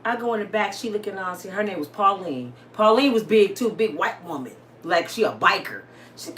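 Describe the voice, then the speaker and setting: A woman with an African American Vernacular English accent, telling a dramatic personal story to her listeners in a casual, lively way. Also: medium pitch, moderate pace, a little hiss or hum. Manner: dramatic, addresses listeners as y'all. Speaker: storyteller host.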